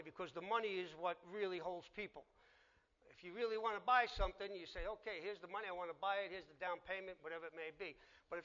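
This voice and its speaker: A man gives a conversational sermon, voicing the people in his story as he goes. His voice sits high and sounds bright. The recording is dull and lo-fi. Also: brisk. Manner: conversational preaching, acts out dialogue. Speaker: preacher.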